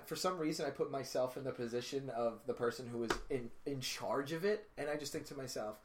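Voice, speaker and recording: A man's voice: mid-range voice, brisk, a little hiss or hum. A man co-hosting a podcast, chatting casually with jokes and swearing while drinking beer. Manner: joking, swearing, lively storytelling. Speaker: podcast co-host. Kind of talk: casual chat.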